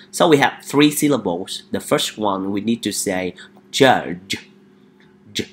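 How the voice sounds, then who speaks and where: A man's voice: lowish voice, expressive, takes it slowly, pauses often. A man teaching an English vocabulary lesson. He often hesitates and repeats each word for the listener to drill.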